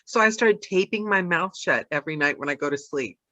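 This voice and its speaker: A woman's voice: low voice, lively intonation, brisk, fairly bright tone, dry recording. A woman hosting a casual interview over a video call, eager and chatty. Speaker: podcast host.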